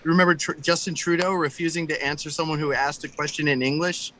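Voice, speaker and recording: A man's voice: fairly high pitch, steady tone, fast talker, fairly bright tone, poor audio. A man co-hosting a casual live stream, joking and teasing, talking about current events. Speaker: co-host.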